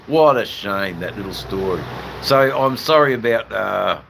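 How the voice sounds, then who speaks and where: A deep-voiced man with an Australian accent talks casually to his livestream viewers, drifting from topic to topic. His delivery is loose and profane, full of fillers and restarts. A faint noise sits behind his voice. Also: lively intonation, measured pace, vocal fry. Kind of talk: casual live-stream chat.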